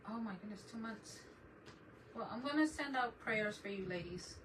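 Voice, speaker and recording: A woman's voice: a little high, expressive, normal speed, fairly bright tone. Chatty woman streaming from a distant mic. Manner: rambling, chatty, greets viewers by name. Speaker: crafting channel host. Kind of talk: casual live-stream chat. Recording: distant mic with noticeable background noise.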